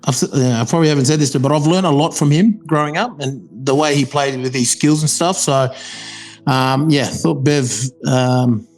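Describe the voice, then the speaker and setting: A laid-back Australian man spinning rugby yarns in casual chat, full of ums and restarts. His voice sits at a middle pitch. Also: steady tone, normal speed. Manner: laid-back storyteller, many fillers and restarts. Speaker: guest, former pro rugby player.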